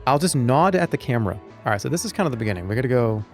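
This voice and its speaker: A man's voice: medium pitch, very animated, very fast, faint music behind. A man streaming a video game, chatting loosely with his audience in a rambling, joking way. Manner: rambling, jokey, talks to chat. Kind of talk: live gaming commentary.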